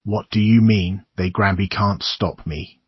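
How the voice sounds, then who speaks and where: A man doing a defiant young tenant, husky and low. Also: fairly even intonation, measured pace, no echo. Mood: confused. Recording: dull lo-fi dry recording.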